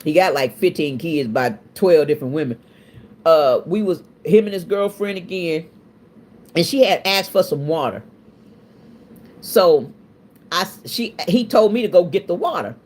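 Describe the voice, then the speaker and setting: Lively middle-aged woman spinning a story. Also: fairly low pitch, moderate pace, long pauses. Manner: animated, laughs often, colloquial and self-mocking. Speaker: livestream host. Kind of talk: casual storytelling to a live chat.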